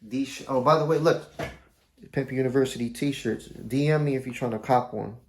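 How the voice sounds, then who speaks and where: Gravelly, laid-back male vlogger. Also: fairly even intonation, moderate pace, slight background noise. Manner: laid-back, slangy, low-key. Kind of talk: casual storytelling to camera. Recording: roomy echo.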